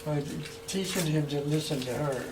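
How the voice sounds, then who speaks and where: A man telling funny stories about an old friend in a relaxed chat, chuckling and acting out the quotes. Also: on the high side, normal speed. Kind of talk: casual anecdotal storytelling. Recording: distant mic with faint background noise.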